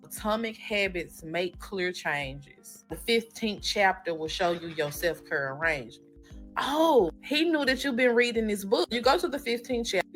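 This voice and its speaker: A woman's voice: medium pitch, a bit bright. A woman telling a second-person storytime, profane and slangy, acting out the voices as she goes.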